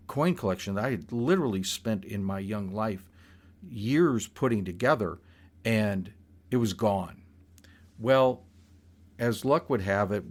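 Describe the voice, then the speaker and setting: An older man telling a personal story in a rambling, halting way, with frequent restarts. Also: lowish voice.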